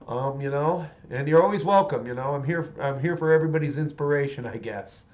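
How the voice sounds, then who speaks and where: A man's voice: on the high side, brisk, darkish tone, muffled recording. A man in his forties chatting casually on a livestream while painting miniatures, rambling along with many restarts.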